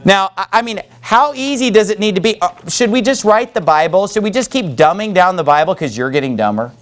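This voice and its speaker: A man preaching a sermon to his congregation, sarcastic and mocking, with quick asides. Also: sits high, lively intonation, a bit bright. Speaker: pastor. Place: church building with congregation.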